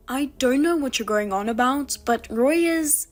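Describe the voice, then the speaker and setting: A woman narrating a text-message story in a steady, plainly read scripted style. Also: on the high side, measured pace, soft background music.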